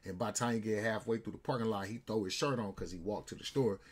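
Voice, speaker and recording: A man's voice: on the low side, fast talker, breathy edge. A man telling a story in a casual, rambling way, full of street slang.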